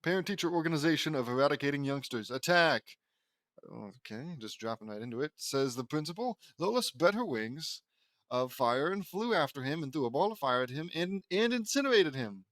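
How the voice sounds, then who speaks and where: A man's voice: a little high, very animated, fairly quick, fairly bright tone, no room sound, clean studio sound. A man reading fan fiction aloud with stumbling, rambling asides and restarts. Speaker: audiobook reader.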